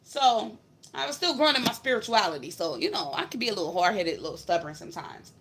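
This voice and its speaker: A woman's voice: medium pitch, sing-song, fast, a bit bright, breathy edge. A woman vlogger telling a personal spiritual story in a blunt, emphatic, profane way. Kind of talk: casual storytelling to camera.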